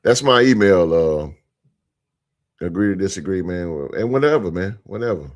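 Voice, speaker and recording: A man hosting a sports podcast live, chatting casually with his live chat in a relaxed, repetitive way, speaking. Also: low-pitched, a little slow. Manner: laid-back, repeats phrases, shouts out chat members.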